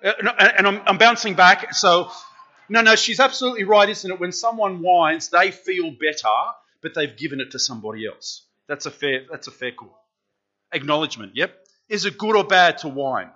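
A man's voice: sits high, brisk, bright, forceful tone, lo-fi sound. A man preaching in a church, chatting with the congregation and asking them questions. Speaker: pastor. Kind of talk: interactive sermon.

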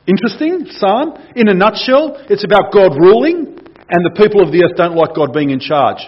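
A man's voice: high voice, sing-song, normal speed, slightly rough, muffled recording. A man preaching a casual sermon in church, explaining a passage, reading it aloud and putting questions to the congregation.

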